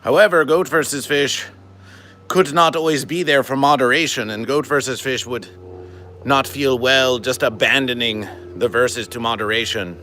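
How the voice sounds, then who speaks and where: A man hosting a comedic livestream, talking to his chat in a deadpan, stilted, formal way and calling himself by his show's name. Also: mid-range voice, normal speed, a little hiss or hum. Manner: deadpan, stilted formal phrasing, refers to himself in third person. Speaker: livestream host.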